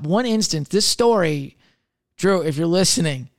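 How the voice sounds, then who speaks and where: Talking a little fast in a fairly high voice, a young podcast guest rambles profanely through personal stories, leaning heavily on fillers. The studio sound is clean, with no echo.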